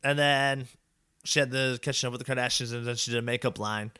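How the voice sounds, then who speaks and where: A young man co-hosting a casual comedy podcast, excitable and rambling with jokes. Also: mid-range voice, fast talker, clean tone, no room sound, studio quality. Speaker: podcast co-host.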